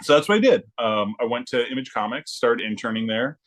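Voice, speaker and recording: A man as a podcast guest, telling a long casual story with many fillers and pauses. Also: mid-range voice, animated, fairly bright tone.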